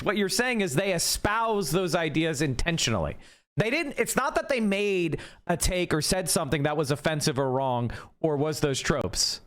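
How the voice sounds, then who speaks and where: A male live streamer in casual chat, arguing his points quickly and talking straight to his viewers, his voice going hoarse. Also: on the high side, lively intonation, a bit bright. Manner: fast, argumentative, talks straight to chat. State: losing his voice.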